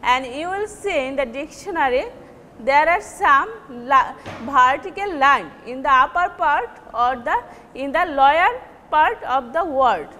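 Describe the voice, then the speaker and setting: A woman teacher with a Bangladeshi accent giving a recorded English lecture, repeating and stressing example words deliberately. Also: high voice, lively intonation, sharp tone, in a large hall, a little hiss or hum.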